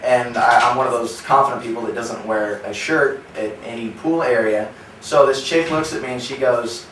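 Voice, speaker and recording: A man's voice: mid-range voice, normal speed, a bit bright, a little hiss or hum. Young man doing stand-up in a roomy club. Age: young adult. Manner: rambling, offhand storytelling. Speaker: stand-up comedian. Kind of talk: stand-up comedy set. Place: small comedy theater. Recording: roomy live club sound from a distance.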